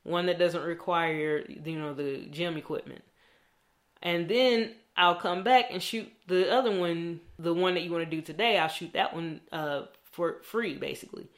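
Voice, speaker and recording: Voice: mid-range voice, moderate pace, a bit bright. A young adult vlogger talking in a candid, rambling diary style and swearing freely. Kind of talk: casual diary vlog.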